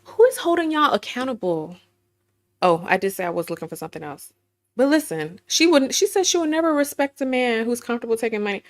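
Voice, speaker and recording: A woman's voice: on the high side, very animated, quick pace. A woman hosting an opinion commentary to camera, emphatic and sassy, firing off rhetorical questions. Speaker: host. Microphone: webcam while screen sharing.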